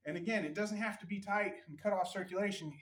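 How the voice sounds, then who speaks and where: A man's voice: high voice, fast talker, a bit bright, far from the mic. A man casually demonstrating how to wrap hands for boxing, rambling and blunt, often checking in with "right?". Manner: loose, rambling, keeps asking "right?". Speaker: boxing and MMA instructor. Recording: roomy sound from off the mic.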